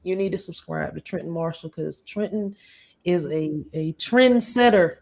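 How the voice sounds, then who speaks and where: A woman's voice: lowish voice, moderate pace, vocal fry, darkish tone. A woman in her forties hosting a casual group live stream over a video call, earnest and upbeat, speaking in bursts with frequent restarts. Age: 40s. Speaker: channel host of a live stream.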